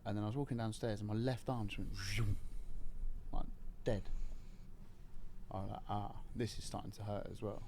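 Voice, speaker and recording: Man, casual podcast storytelling, lively and crude, lower pitch, slight background hiss. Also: moderate pace, long pauses. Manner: animated, swearing, laughing retelling. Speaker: podcast guest.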